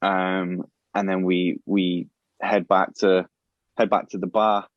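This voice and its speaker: Low-voiced man rambling through a plot pitch. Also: little pitch movement, takes it slowly, dry recording. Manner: rambling, many restarts and fillers, acts out quoted lines. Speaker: podcast host pitching a show plot. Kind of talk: casual podcast storytelling. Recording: dull, lo-fi and dry.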